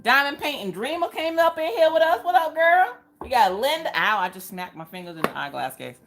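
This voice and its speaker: A woman's voice: high-pitched, big pitch swings, a little fast, over music. A woman hosting a casual livestream chat. She greets viewers by name with playful exclamations and chatty, joking asides. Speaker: livestream host.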